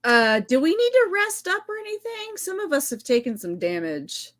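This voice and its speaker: Lively young-sounding woman player. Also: extremely high pitch. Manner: quick, joking, stammering starts. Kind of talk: casual tabletop game play.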